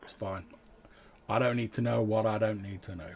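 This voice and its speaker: A man's voice: fairly low pitch, steady tone, moderate pace, gravelly. A man voicing a gossipy middle-aged ferryman in a tabletop role-playing game, rambling and full of fillers.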